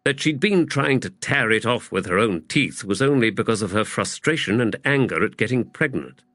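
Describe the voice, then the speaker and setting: A man reads an audiobook aloud in a measured, expressive storytelling style. His pitch sits in the middle, and the scripted narration is captured dry with studio quality.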